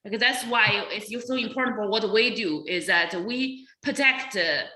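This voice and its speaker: A woman's voice: mid-range voice, moderate pace, sharp tone, roomy sound, low-quality recording. A woman comedian in an interview, speaking bluntly and profanely and laughing at her own jokes. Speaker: comedian guest. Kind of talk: casual interview talk.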